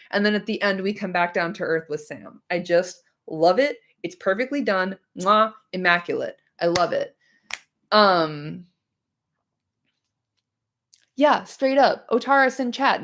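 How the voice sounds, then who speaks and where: A woman talks to her stream chat in a loose, casual way, swearing freely and getting worked up. Her voice is a little hoarse and not at full strength. She rants animatedly, with sudden bursts of emphasis. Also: medium pitch. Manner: animated, profane, ranting. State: slightly hoarse. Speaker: streamer discussing a book chapter.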